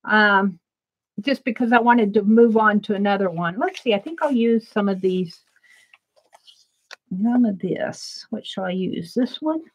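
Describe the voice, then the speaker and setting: A middle-aged Midwestern art streamer with a mid-range voice chats at a measured pace during a casual crafting livestream. She rambles as she works and laughs frequently.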